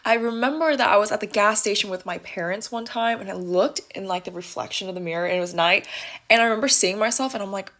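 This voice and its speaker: A young woman from the United States, softly and reflectively telling a personal story in a casual vlog, with lots of filler words. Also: mid-range voice, fast talker. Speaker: vlogger.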